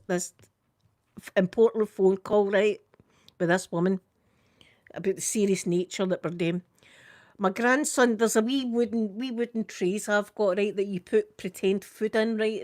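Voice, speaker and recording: An older woman with a Scottish accent tells a story in a casual chat. She is animated and keeps saying "I says" as she retells a conversation. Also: mid-range voice, no echo, clean studio sound. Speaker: vlogger.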